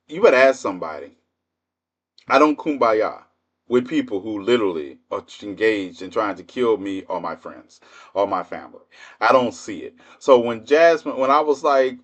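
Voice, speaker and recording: A man's voice: mid-range voice, expressive, moderate pace. A man in his fifties hosting a livestream, telling stories in a blunt, profane, laughing way. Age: 50s. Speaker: livestream host. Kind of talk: casual storytelling monologue.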